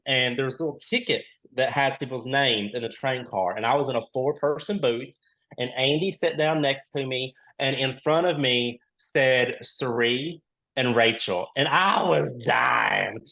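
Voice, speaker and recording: Animated man telling a story. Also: medium pitch, moderate pace, creaky. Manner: animated storyteller, acts out quoted dialogue. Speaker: reality show contestant, guest. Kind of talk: casual podcast chat.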